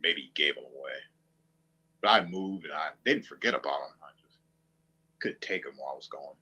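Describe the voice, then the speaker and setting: A man's voice: a bass voice, fairly quick, sharp tone, slightly rough. A man streaming, ranting to viewers with a profane, mocking, combative manner. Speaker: online streamer.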